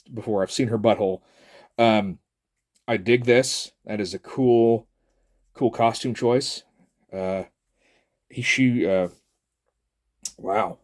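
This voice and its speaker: This is a middle-aged man playing toy reviewer in a loose, joking chat, wandering off track and filling gaps with lots of "ums." His voice sits in the mid-range, with slight background noise.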